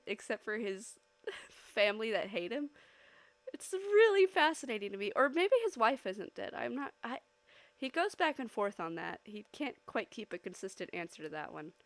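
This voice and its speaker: A woman streaming live while she draws, chatting casually with her audience, giggling often and bursting into loud, excited squeals. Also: on the high side, no room sound.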